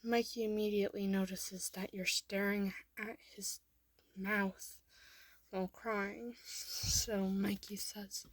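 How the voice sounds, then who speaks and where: A woman's voice: medium pitch, flat delivery, slow pace, no room sound. A woman reading a second-person fan story aloud, often in a half-whisper.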